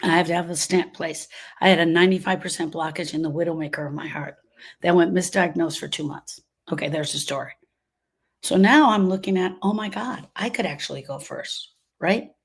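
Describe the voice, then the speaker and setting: A woman's voice: fairly low pitch, brisk, breathy edge. A woman, hosting a grief podcast and telling her story earnestly, repeating phrases for emphasis. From Louisiana. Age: 60s. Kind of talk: heartfelt storytelling to listeners.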